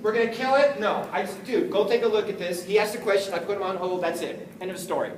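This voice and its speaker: A man giving an energetic, jokey sales training talk to a live group, often acting out phone calls. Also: high voice, quick pace, far from the mic. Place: meeting room with an audience. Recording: echoey room, voice from afar, faint noise.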